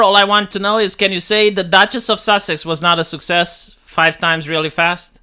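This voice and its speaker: Bright-voiced profane livestream host. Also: male voice, high voice, steady tone, normal speed, hardly any pauses, clear, resonant tone. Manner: blunt, profane, reads news aloud and riffs. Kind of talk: casual livestream commentary.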